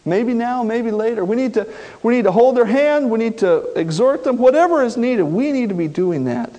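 A male pastor preaching a sermon in an animated way, acting out the quoted voices. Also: very high-pitched, fairly quick.

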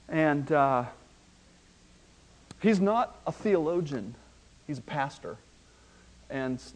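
High-voiced emphatic male preacher. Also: poor audio. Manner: emphatic, slowing down to stress key words; swings between hushed asides and loud rising emphasis. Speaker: pastor. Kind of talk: sermon. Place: church.

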